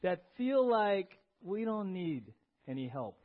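A male pastor preaching a sermon in a church. He is animated and emphatic and asks the congregation questions. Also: high-pitched, slow pace. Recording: dull lo-fi recording.

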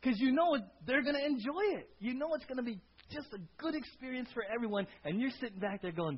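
A man's voice: very high voice, animated, fast, hardly any pauses, a little hiss or hum. A man preaching a sermon in a conversational way, asking his listeners questions and tagging his points with "right?". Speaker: pastor. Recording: dull lo-fi sound.

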